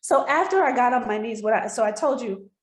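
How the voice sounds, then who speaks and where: A woman's voice: on the high side, animated, fairly quick. A woman giving a heartfelt personal testimony as an interview guest, telling her story earnestly. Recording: roomy echo.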